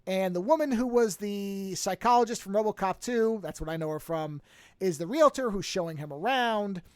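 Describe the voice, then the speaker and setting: Animated podcast host recapping a film. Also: mid-range voice, normal speed, no room sound. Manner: animated, acts out quotes with shifting voices. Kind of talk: casual retelling of a movie plot.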